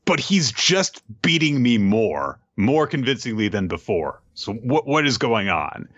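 A man voicing an anxious, self-doubting teenage boy athlete in halting, flustered self-talk. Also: medium pitch, sing-song, a bit bright, no echo. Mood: puzzled. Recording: dull lo-fi sound.

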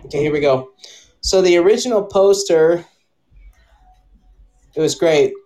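A woman with a notably low, deep voice hosts a loose live chat with friends. She rambles through her stories and breaks into laughter often. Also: measured pace, dark tone, low-quality recording. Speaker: host.

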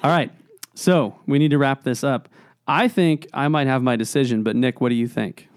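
A moderator running a casual podcast debate with brisk, playful timing. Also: medium pitch, clean tone, no echo, clean studio sound.

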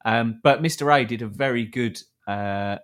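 A man's voice: mid-range voice, moderate pace, fairly bright tone, smooth. A man with a Southeast English accent co-hosting a live podcast, rambling in casual chat with lots of fillers. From Southeast England. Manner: rambling, many fillers and restarts. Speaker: podcast co-host.

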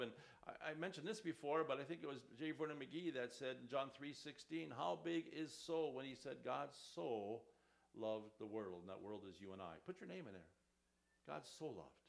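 Male pastor, sermon, gravelly voice, reads scripture with building emphasis. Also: medium pitch, expressive, normal speed.

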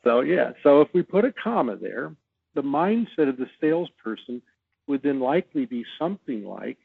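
Male sales trainer guest, raspy gravelly voice, dry phone-quality sound. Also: mid-range voice, sing-song, no room sound. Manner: measured, explanatory, laughs easily. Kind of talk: podcast interview. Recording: tinny phone-like line.

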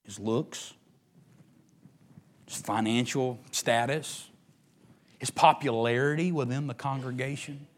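A middle-aged man, preaching a sermon as pastor, swinging between emphatic rises and hushed near-whispers. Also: mid-range voice, takes it slowly, long pauses.

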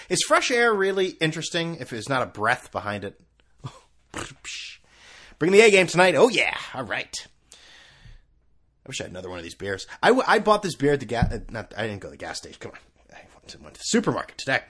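A man's voice: fairly high pitch, very animated, brisk, pauses often, a bit bright, slightly rough. A man hosting a solo sports podcast, rambling and sarcastic, swearing freely as he jumps between topics. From US East Coast. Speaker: podcast host.

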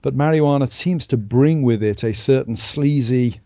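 Mellow-voiced dry-witted male podcast co-host. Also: medium pitch, no echo. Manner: dry, self-deprecating, measured. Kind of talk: podcast panel discussion. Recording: dull, dry lo-fi podcast audio.

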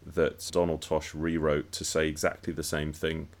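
A man's voice: very deep voice, monotone. A man talking casually on a podcast, thinking aloud with frequent restarts and repeated words. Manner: thoughtful, halting, many restarts and repeated words. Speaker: podcast co-host.

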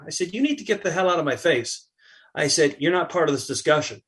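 A middle-aged man, a podcast guest, chatting casually and telling an animated anecdote while acting out what others said. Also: on the high side, fast. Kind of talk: casual chat, storytelling.

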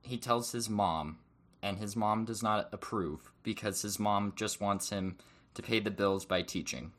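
Young man, lowish voice, bright edge, jokey casual recap. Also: unhurried. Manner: jokey, sums up the plot. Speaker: podcast co-host. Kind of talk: casual chat.

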